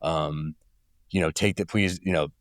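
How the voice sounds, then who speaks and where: Man, Californian accent, very low voice, dry sound, rambling storyteller. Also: fairly even intonation, a little slow, no echo. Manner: rambling, acts out quoted people. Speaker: journalist guest. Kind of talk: casual interview talk.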